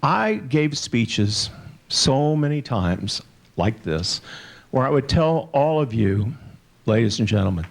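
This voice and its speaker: A man's voice: mid-range voice, gravelly. A man in his sixties giving a candid, joking keynote speech at a conference. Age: 60s. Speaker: keynote speaker.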